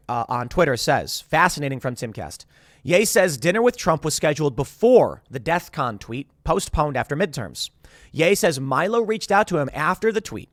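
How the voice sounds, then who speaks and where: A man's voice: fairly high pitch, no echo, clean studio sound. Rambling man hosting a commentary show. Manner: rambling, restarts, quotes others in animated asides. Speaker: show host. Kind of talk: casual commentary to camera.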